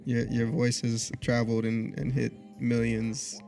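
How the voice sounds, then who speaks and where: A man's voice: medium pitch, completely flat delivery, measured pace, creaky, over music. A man hosting a podcast interview, casual and full of hype slang as he asks his questions.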